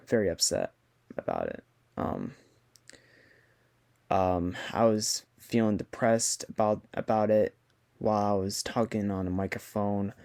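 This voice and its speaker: Halting young man fighting back tears. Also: fairly low pitch. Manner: halting, many fillers and restarts, holding back tears. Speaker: vlogger. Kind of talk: casual personal talk to camera. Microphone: computer mic on a video call.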